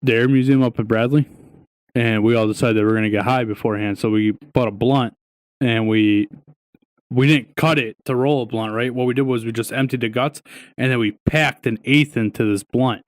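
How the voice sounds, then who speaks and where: Profane, animated male podcast storyteller. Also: medium pitch, fairly quick, dry recording. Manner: profane, animated storytelling with lots of "dude" and "right?". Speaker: podcast co-host. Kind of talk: casual storytelling chat.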